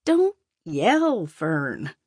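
A woman voicing a calm, practical farm mother who speaks matter-of-factly and firmly, in a storybook audiobook. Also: low voice, drawn-out words, husky, no echo, clean studio sound, exaggerated voice. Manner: matter-of-fact, firm. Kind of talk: audiobook character voice.

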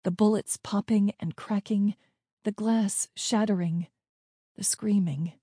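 Slow, breathy woman narrating a story. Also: mid-range voice, steady tone, dark tone, no room sound, clean studio sound. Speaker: audiobook narrator. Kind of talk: scripted first-person story narration.

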